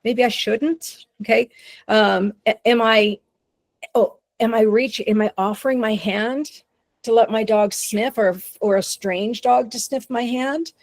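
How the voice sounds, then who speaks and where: A woman's voice: on the high side, fairly even intonation, unhurried, no echo. Woman teaching a casual dog-behavior webinar. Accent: Texan. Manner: conversational, many restarts and acted-out dog thoughts. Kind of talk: webinar presentation.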